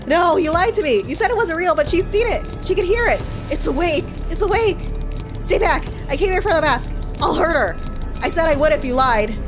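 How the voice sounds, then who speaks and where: A woman's voice: very high voice, lively intonation, fairly quick, over music. A woman voicing a frantic, paranoid young woman in a game, with shrieking, panicked outbursts. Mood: hysterical. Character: frantic possessed young woman threatening others. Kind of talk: voicing game dialogue on stream.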